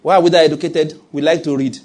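Husky-voiced Nigerian pastor preaching. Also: male voice, a little high, fairly even intonation, quick pace, darkish tone. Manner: preaches with rhetorical questions and humor. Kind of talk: sermon.

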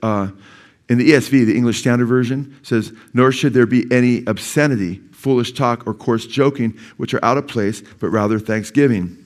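A man's voice: medium pitch, normal speed. Earnest male pastor preaching a sermon. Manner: earnest, urgent preaching with sudden emphatic rises. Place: church sanctuary.

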